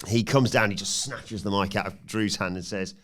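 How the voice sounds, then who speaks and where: A man co-hosting a podcast, chatting casually through a wrestling show recap and acting out the promos in loud put-on voices. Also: fairly low pitch, normal speed, slight background noise. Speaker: podcast co-host. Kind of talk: casual wrestling review chat.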